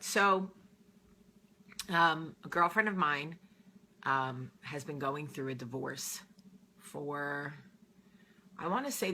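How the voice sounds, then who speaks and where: A woman's voice: low voice, sharp tone, a little hiss or hum. A woman from New Jersey hosting her own show, talking to camera in an earnest, heartfelt, conversational way as she gives advice. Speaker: host. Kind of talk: casual chat to camera.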